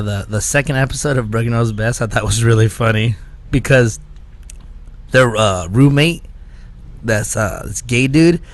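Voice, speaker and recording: A man's voice: mid-range voice, a bit bright. A man hosting a podcast, telling loose stories in casual chat, laughing often and leaning on "like" and "dude". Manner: rambling storyteller, laughs often, full of "like" and "dude". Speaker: podcast host.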